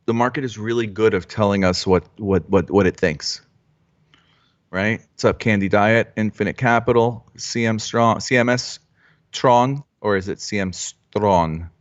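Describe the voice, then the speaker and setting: A man with a fairly low voice chats loosely on a trading livestream, joking with his co-hosts and restarting his sentences. The audio is dull and lo-fi, like a home stream setup. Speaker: stock trading livestream host. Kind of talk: casual live-stream chat. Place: Florida home trading room.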